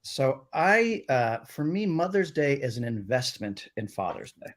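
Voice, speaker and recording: A man's voice: mid-range voice, sing-song, unhurried, fairly bright tone. A middle-aged man who is a guest on a comedy talk show, telling loose, rambling stories full of "like" and "um" over a video call. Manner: rambling storyteller with lots of fillers. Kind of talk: casual anecdotal chat. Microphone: livestream video call.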